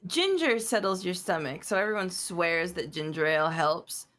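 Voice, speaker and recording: A woman's voice: on the low side, animated, normal speed, fairly bright tone. A woman guest with an upset stomach, chatting casually in a wry, slightly dramatic way. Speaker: guest voice reader. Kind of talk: casual chat.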